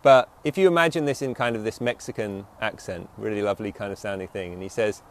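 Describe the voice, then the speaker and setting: There's slight background noise behind this lowish male voice. He's a meditation teacher offering a thoughtful dharma talk, stretching out key phrases for emphasis and regularly checking in with those listening.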